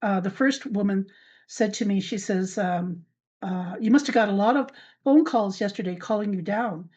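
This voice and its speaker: An older woman hosting her own podcast, telling a personal account in a halting way with many fillers and restarts. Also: medium pitch, a little mellow. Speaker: podcast host. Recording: dull lo-fi recording.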